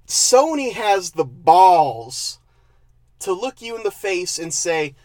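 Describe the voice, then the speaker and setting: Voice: mid-range voice, big pitch swings, slow, darkish tone, dry recording. Exasperated sarcastic movie reviewer, dry sound. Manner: frequent laughs and stammered restarts. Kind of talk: casual spoken movie review.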